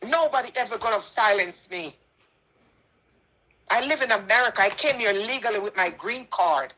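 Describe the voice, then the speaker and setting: In a medium-pitched, sharp voice with lively intonation, a middle-aged Jamaican woman speaks at moderate speed. She's a charity donor reacting to a dispute, delivering an indignant, emphatic personal statement and repeating herself for emphasis. The recording is rough.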